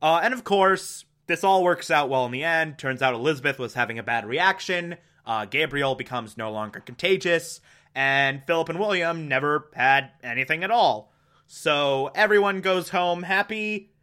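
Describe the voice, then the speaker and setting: A man's voice: on the high side, normal speed, pushed and bright. A man giving a casual, chatty recap of a TV episode, laughing often and using lots of fillers. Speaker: podcast host.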